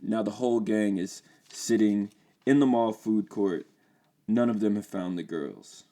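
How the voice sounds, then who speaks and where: A man's voice: lowish voice, unhurried, warm tone. A young man hosting a podcast, casually reading aloud an old script he wrote, laid-back and self-deprecating. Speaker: podcast host.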